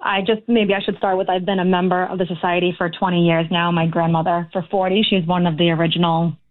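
A woman's voice: lowish voice, flat delivery, fast talker. Woman caller on a tinny phone line. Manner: earnest, aggrieved, talks in long runs. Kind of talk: phone-in talk radio call.

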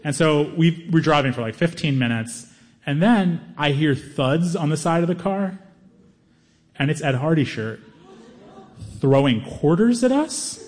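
A man telling a stand-up story, lively, acting out other people's lines. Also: unhurried. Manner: animated, acts out other people's lines in higher voices. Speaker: stand-up comedian.

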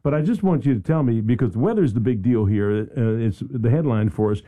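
A man's voice: mid-range voice, animated, a little fast, narrow, tinny audio. A man hosting morning talk radio in a studio, chatty and joking about himself. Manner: jokey, chatty, self-deprecating. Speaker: radio talk show host.

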